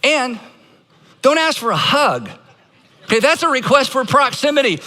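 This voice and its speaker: A man's voice: extremely high pitch, very animated, normal speed, pauses often, bright, forceful tone, long reverb tail. A man preaching a sermon to a live congregation, emphatic and leading them in practicing lines aloud. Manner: emphatic, leads congregation in call-and-response practice. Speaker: pastor.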